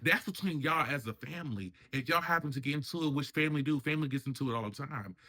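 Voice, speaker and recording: A man's voice: a little high, fast, pushed and bright. A man hosting a casual reality TV review, chatting and acting out the cast members' lines in raised voices. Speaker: reality TV commentary host.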